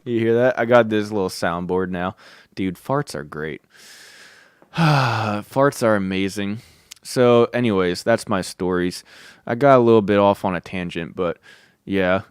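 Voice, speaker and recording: A man's voice: low voice, moderate pace, clear, resonant tone, dry recording, studio quality. A young man hosting a podcast, telling a long casual story in a rambling way, swearing often and saying "dude" and "like" constantly. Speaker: podcast host. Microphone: close studio mic.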